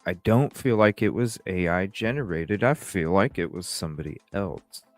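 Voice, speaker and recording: A man's voice: deep voice, moderate pace, dry recording, faint music behind. A man hosting a casual livestream, rambling with fillers and restarts and greeting chat viewers. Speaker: livestream host.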